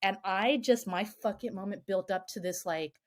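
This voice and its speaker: Animated middle-aged woman, swearing storyteller. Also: mid-range voice, moderate pace. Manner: animated, swears freely, acts out quoted voices. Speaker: podcast guest. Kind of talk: candid storytelling.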